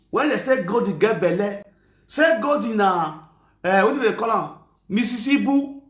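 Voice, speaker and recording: High, mocking Nigerian man ranting. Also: roomy sound. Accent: Nigerian (Edo). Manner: insulting, mocking, chanting and shouting. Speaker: online talk show host. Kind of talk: ranting commentary.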